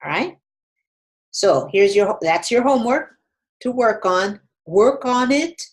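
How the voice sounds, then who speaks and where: A middle-aged woman teaching Spanish online. She models words slowly one by one with an Ecuadorian Andean accent, then talks to her students in a chatty, encouraging way. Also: a little high, lively intonation. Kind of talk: online language lesson with pronunciation drills.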